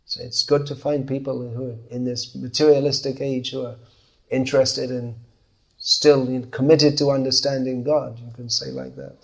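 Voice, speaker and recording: A man's voice: medium pitch, flat delivery, normal speed, vocal fry. A man giving a scripture class in a conversational way, often acting out the replies of the people he describes. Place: class in Bangalore.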